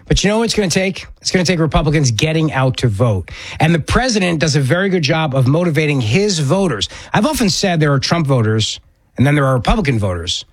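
Delivering an opinionated monologue on his political talk radio show, this man is emphatic, doubling up words to drive his points home. He talks fast in a slightly high, sing-song voice.

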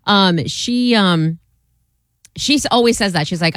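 Co-host, chatty, quick reactions, dry studio sound. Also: mid-range voice, fairly bright tone, no echo. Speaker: podcast co-host. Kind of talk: casual chat.

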